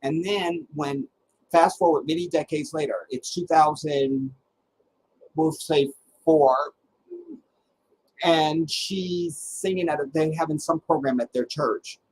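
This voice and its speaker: Animated middle-aged man telling stories. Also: a little high, a little hiss or hum, rough recording. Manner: animated and dramatic, with halting restarts. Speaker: livestream host. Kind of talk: casual personal storytelling.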